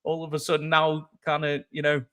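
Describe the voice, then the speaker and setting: A man's voice: fairly high pitch, monotone, a little fast, pushed and bright, clean tone. A man hosting a sports podcast, chatting casually and animatedly, often calling his guest "mate" and "man". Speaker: podcast host.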